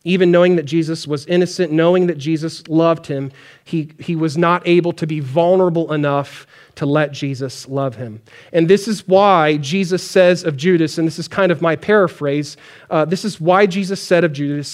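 A pastor preaching a conversational sermon, acting out pleading prayers. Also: male voice, fairly high pitch, fairly even intonation, normal speed.

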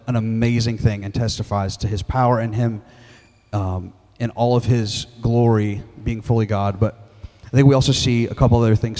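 A man in his thirties gives a sermon in a low, mellow voice. He speaks candidly and haltingly, often restarting his sentences. The sound carries a long reverb from a church sanctuary. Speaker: pastor.

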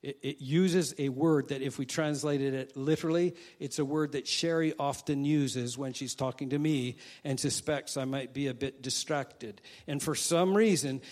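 Slow-speaking male preacher, higher voice. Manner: dramatic swings from soft asides to loud emphatic quoting. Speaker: pastor. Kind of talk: sermon.

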